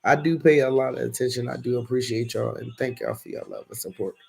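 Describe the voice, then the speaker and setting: Gravelly-voiced Philly man reading tarot. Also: mid-range voice, fast, a little mellow. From Philadelphia. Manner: chatty, reads affirmation cards aloud and talks to viewers in the chat. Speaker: tarot reader. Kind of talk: casual live-stream tarot reading.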